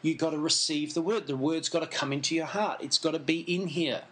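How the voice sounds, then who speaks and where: A male preacher with a high, bright voice delivers a sermon. He talks earnestly and emphatically, repeats his key points and breaks off into casual asides to the people listening. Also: steady tone, brisk, rough recording. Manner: conversational asides to the congregation.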